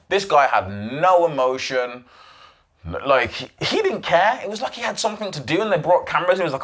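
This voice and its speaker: A man's voice: fairly high pitch, a little fast. A man hosting a podcast, casually retelling a documentary with swearing and acted-out quotes. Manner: animated, swearing, acts out quoted voices. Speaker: podcast host.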